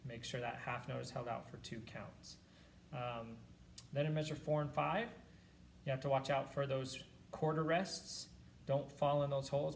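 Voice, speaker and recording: A man's voice: mid-range voice, steady tone, moderate pace, creaky, very noisy. A man teaching a band practice lesson, patiently explaining and counting and singing rhythms aloud to demonstrate. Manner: patient, encouraging instruction.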